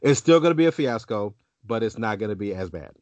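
Speaking quickly with a lowish, darkish voice and lively intonation, the male co-host rambles through a lengthy story on a casual podcast, full of restarts and digressions. The recording is dull, lo-fi and dry with no echo.

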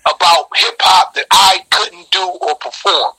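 A middle-aged rapper with a husky, rather high voice spins an animated, profane story in a casual interview. His tone is strikingly bright and forceful, and he leaps into sudden high shouts to act out what others said. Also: unhurried, low-quality recording.

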